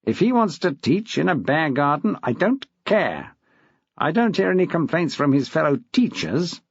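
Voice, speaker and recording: A man voicing a smug, testy middle-aged head teacher with a husky, gravelly voice, in a dull, dry recording. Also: a little high, sing-song, moderate pace, no room sound, full character voice. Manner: smug, acid.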